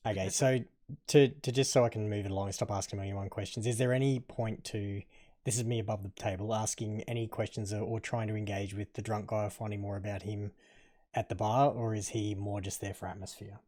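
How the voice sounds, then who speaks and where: A man playing a tabletop role-playing game, speaking politely and deliberately. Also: on the low side, steady tone, warm tone. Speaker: player. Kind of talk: tabletop game chat and in-character talk.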